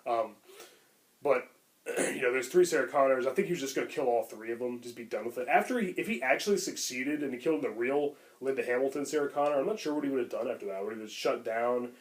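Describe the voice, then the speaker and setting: A man's voice: medium pitch, quick pace. A man co-hosting a podcast, talking casually and enthusiastically about films, rambling with lots of fillers. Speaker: podcast co-host. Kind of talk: casual chat.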